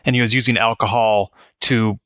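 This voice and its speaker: A man interviewing a therapist, asking measured, articulate questions. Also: on the low side, steady tone, bright, forceful tone, dry recording, studio quality.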